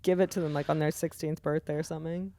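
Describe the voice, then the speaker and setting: A woman co-hosting a comedy podcast, telling a lively anecdote and laughing easily. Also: sits low, fast. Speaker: podcast co-host. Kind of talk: casual comedic chat.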